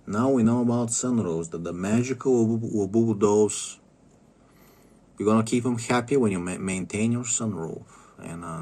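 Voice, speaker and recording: Male, husky low voice, loose rambling casual chat, profane and halting. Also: mellow. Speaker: streamer giving car tips.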